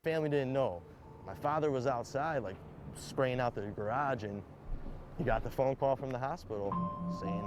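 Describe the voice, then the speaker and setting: A young man tells his story in a loose, rambling way, packing it with "like" and acting out what others said. Loud music plays under his voice in this clip. His pitch sits in the middle for a man. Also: normal speed. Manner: rambling, full of "like" and acted quotes. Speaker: interviewee telling his story. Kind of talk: candid storytelling.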